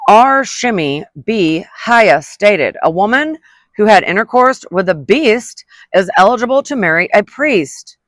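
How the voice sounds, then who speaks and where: A vlogger reading a letter aloud, pausing to add indignant asides and stumbling over unfamiliar words before retrying them. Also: mid-range voice, expressive, fairly bright tone, dry recording. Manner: reads quoted passages, then breaks off into indignant asides.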